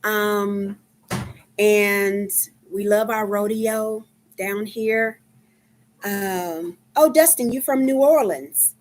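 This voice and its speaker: Slow-talking Texan woman in her fifties. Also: medium pitch, steady tone, slight background noise. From Dallas, Texas. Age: 50s. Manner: slow, chatty, many ums. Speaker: live-stream host. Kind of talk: casual live-stream chat.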